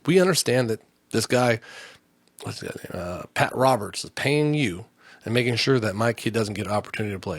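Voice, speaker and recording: A man's voice: lowish voice, expressive, fairly quick, dry recording. A man hosting a comedy podcast, telling a long story in a heated, indignant, rambling way with many restarts. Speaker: podcast host. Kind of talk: casual storytelling rant.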